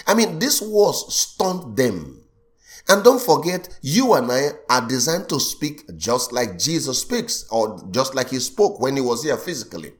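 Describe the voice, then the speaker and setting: A middle-aged pastor preaching his sermon with a voice that swings widely in pitch. He is animated, rising and pushing hard on key lines and dropping low and soft to reassure. He often slips into the voices of the people he quotes. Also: unhurried.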